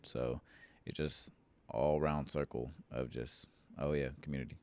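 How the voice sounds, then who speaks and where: A young man telling a personal church story in relaxed, earnest podcast chat. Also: rumbling low, measured pace, gravelly, clean tone. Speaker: church member, podcast guest.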